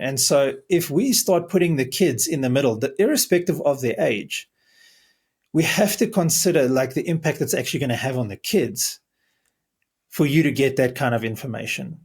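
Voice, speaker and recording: A man's voice: medium pitch, expressive, normal speed, a little mellow, husky. A man who is a marriage coach, earnestly explaining advice in a podcast conversation. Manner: earnest, explaining, restarts words.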